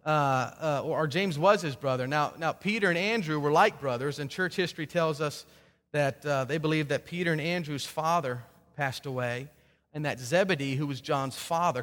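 High-voiced man preaching in an echoey hall. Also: a bit bright. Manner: conversational preaching with repeated words and restarts; acts out quoted speakers in dialogue. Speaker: pastor. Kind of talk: sermon.

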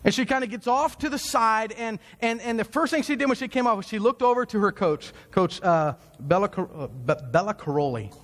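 A man telling a dramatic story to an audience in an animated preaching style, swinging between low, quiet moments and high, excited ones. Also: brisk, hardly any pauses. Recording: long hall reverb.

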